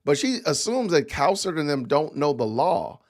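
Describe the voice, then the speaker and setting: A man's voice: on the high side, very animated, moderate pace. A middle-aged man hosting a podcast livestream, rambling in casual commentary and talking straight to his chat. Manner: rambling, talks to chat directly. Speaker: podcast host reacting to news clips.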